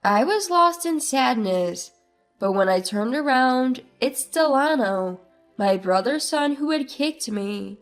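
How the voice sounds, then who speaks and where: A woman's voice: high voice, animated, slow. A woman narrating a first-person story in a subdued, plaintive manner over faint music.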